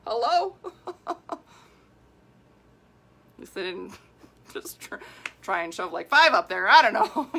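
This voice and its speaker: A woman in her forties, a women's health coach, talking casually in a live video, animated and worked up as she answers viewer comments. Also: medium pitch. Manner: animated and worked up, laughing, acting out quoted people.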